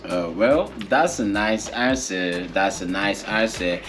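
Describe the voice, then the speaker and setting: A man's voice: on the low side, slow, a bit bright, soft background music. A young man from Nigeria, co-host of a couple's channel, answering an interview question in an earnest, emphatic way and repeating his points.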